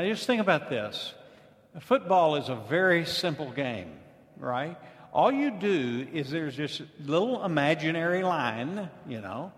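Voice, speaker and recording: Pastor guy preaching, chatty and joking, kinda high voice, echoey hall. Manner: conversational, humorous storytelling. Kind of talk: sermon. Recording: long hall reverb.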